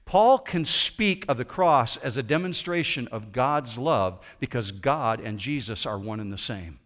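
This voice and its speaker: A man preaching a sermon as pastor in a church auditorium, swinging between loud emphasis and quiet intensity. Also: medium pitch, lively intonation, a little slow.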